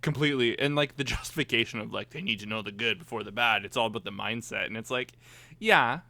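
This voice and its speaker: A man's voice: medium pitch, fast, gravelly, bright, forceful tone, dry recording. A man co-hosting a casual anime podcast, rambling and hesitant, often trailing off and starting again. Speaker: podcast co-host. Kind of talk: casual chat.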